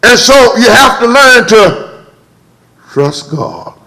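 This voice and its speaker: A man preaching a church sermon. He calls on the congregation to answer back, repeats and stammers over words, and leaps higher when he acts out quotes. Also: sing-song, slow pace, pushed and bright, rough recording. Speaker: pastor. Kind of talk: preached sermon with call-and-response. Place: church service.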